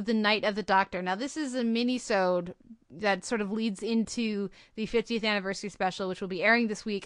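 A woman's voice: mid-range voice, fairly bright tone, clean tone, no echo, studio quality. A woman hosting a podcast, chatting casually about TV episodes, rambling with fillers and restarts. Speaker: podcast host.

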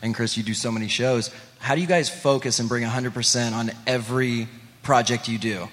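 Fast-talking man asking from a theater audience. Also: medium pitch, fairly even intonation, a bit bright. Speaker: audience member asking a question. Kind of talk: audience question at a live show. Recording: reverberant theater hall.

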